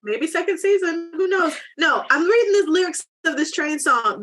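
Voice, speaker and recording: Bright high-voiced woman, candid chat. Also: expressive, normal speed, few pauses. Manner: candid, frank storyteller. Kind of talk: casual chat.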